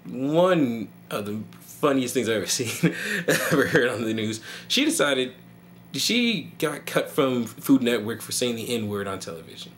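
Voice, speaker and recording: A man's voice: fairly low pitch, a bit bright, a little hiss or hum. A man vlogging a rambling, joking comedic rant.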